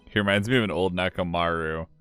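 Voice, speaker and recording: Young man, low voice, animated, casual game chatter, dry close mic. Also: fast talker, clean tone, dry recording, faint music behind. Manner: chatty, laughing, thinks aloud. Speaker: game streamer voicing characters.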